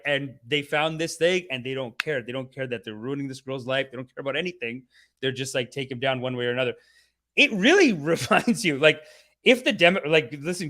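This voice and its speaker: A young man hosting a casual, rambling review, profane and animated, who slips into mock voices for the people he describes. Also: a little high. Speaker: show host reviewing a documentary series.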